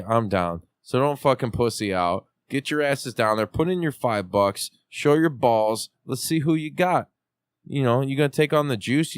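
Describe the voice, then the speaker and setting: A man hosting a wrestling podcast, joking around with loud, profane hype. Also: medium pitch, smooth, no echo. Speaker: podcast host. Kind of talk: rowdy casual chat.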